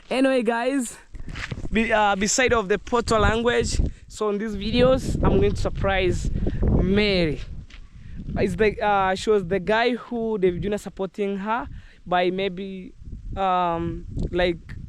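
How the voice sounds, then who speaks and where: A man's voice: sits high, noisy background. A young Kenyan man with a Kenyan accent vlogging while walking through the countryside, chatting casually and rambling upbeat to his viewers with bits of Jamaican slang. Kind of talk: walking vlog, casual talk to camera. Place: outdoors in the countryside.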